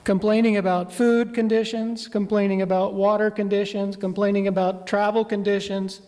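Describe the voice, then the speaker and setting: A man's voice: high-pitched, flat delivery, normal speed, darkish tone. A male minister preaching a sermon, telling a story in a conversational way and putting questions to the congregation. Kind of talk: sermon with map. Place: church hall. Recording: long reverb of a church hall.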